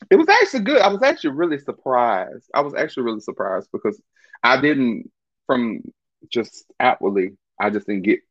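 A man telling a long casual story. He is animated and profane, uses a lot of slang, and laughs often. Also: medium pitch, no room sound. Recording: dull, muffled dry recording.

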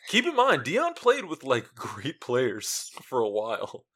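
A man's voice: medium pitch, wildly swooping pitch, unhurried, a bit bright, slightly rough. A young man co-hosting a casual sports podcast, joking and slangy, chuckling often. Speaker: podcast co-host.

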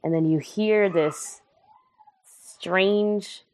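A woman's voice: mid-range voice, drawn-out words, darkish tone, no echo. A young woman telling a candid, humorous and emotional personal story in casual podcast chat.

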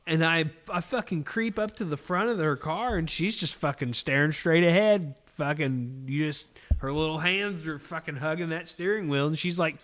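Animated, cursing man. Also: on the high side, moderate pace, few pauses. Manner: swears constantly, animated storytelling. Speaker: podcast host. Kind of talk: casual chat.

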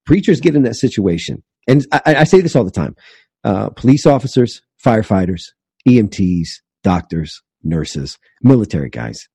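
A man's voice: on the low side, very animated, normal speed, dark tone, slightly rough, no room sound. A man hosting an interview, asking questions and rambling earnestly. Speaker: podcast host for preachers. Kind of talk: casual interview talk.

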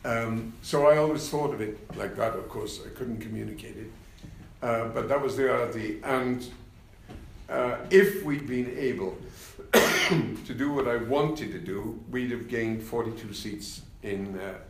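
An older man, a former party leader, telling anecdotes in an unhurried interview, with many fillers and wry laughs. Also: medium pitch, creaky, roomy sound, a little hiss or hum. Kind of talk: reflective interview conversation.

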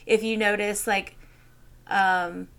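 A woman's voice: mid-range voice, flat delivery, takes it slowly, fairly bright tone, clean tone. A woman co-hosting a podcast in casual chat, talking loosely with many "like"s. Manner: loose, rambling talk full of "like". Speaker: podcast co-host.

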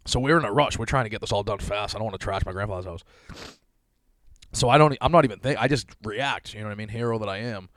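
A man in his thirties talks fast in a fairly low, fairly bright voice, with no room sound. Hosting his casual solo podcast, he tells a rambling, self-deprecating story, cursing freely and laughing often.

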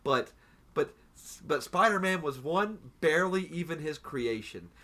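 Bright-voiced man ranting on a podcast. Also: fairly high pitch, animated. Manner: ranting, profane, halting restarts. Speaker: podcast co-host. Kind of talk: casual chat.

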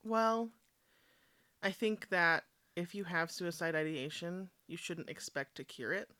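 A speaker in a candid conversation, gentle and supportive, with some teasing. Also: mid-range voice, expressive, a little slow, no echo.

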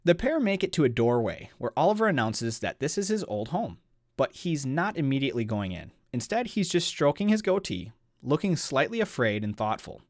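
A man's voice: mid-range voice, fairly quick, no echo, studio quality. Guy recapping a book on a podcast, voice jumps around a lot, chatty, reads bits aloud. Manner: animated storyteller, frequent "like" fillers. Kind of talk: casual chat and reading book passages aloud.

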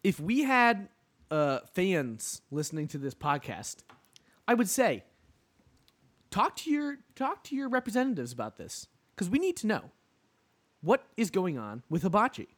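A man's voice: high-pitched, huge pitch swings, a little slow, fairly bright tone. A man co-hosting a podcast in casual comedic chat, rambling and jokey as he riffs. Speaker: podcast co-host.

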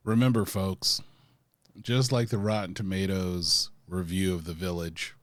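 A man's voice: low voice, steady tone, unhurried, a bit bright, no echo. A man co-hosting a podcast, teasing his co-host in casual chat and protesting with strings of repeated words.

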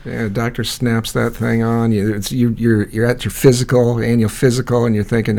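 A man's voice: on the low side, little pitch movement, fast, creaky, few pauses, a little mellow. A man co-hosting a podcast, chatting casually and telling comic stories with quoted voices. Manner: storytelling, acts out quoted voices. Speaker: podcast co-host. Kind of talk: casual comedic chat.

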